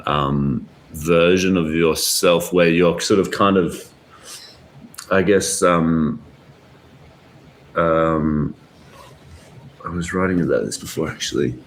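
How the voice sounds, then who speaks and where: A man's voice: low-pitched, slow pace, long pauses, a little hiss or hum. A man with an Australian accent, a guest pianist chatting casually on a podcast, rambling and storytelling with lots of fillers. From Melbourne, Australia. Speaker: guest, jazz pianist and teacher.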